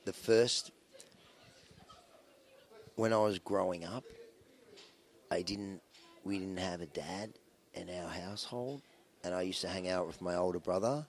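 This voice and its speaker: Deep-voiced rocker telling stories. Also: male voice, measured pace, long pauses. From Australia. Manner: rambling, anecdotal, with many fillers and restarts. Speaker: rock band musician interviewed. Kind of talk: casual interview storytelling.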